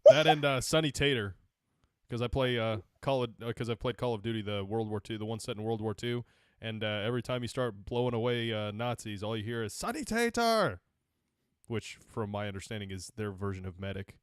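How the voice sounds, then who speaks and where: A man co-hosting a casual podcast who talks in a joking, animated way. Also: fairly low pitch, fairly quick, smooth, dry recording, clean studio sound. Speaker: podcast co-host.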